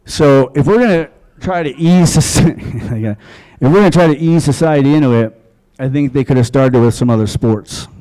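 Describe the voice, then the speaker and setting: A man's voice: mid-range voice, moderate pace, mellow, rough recording. Crude, profane stand-up comedian man. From Long Island, USA. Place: comedy club stage.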